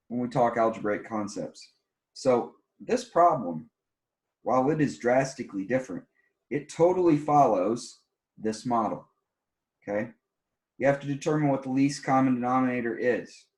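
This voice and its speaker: A man's voice: mid-range voice, a little mellow. A tired man teaching a recorded algebra lesson, walking through problems step by step and stressing the rules plainly. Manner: plainspoken, repeats key rules with emphasis. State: tired, yawning. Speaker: math teacher. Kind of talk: recorded classroom math lesson.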